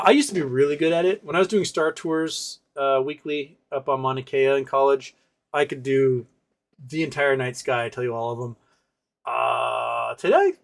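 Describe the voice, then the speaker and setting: A man's voice: medium pitch, a bit bright. A man in his forties from the United States hosting a livestream, casually ranting with sarcasm and reading chat questions aloud. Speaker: livestream host.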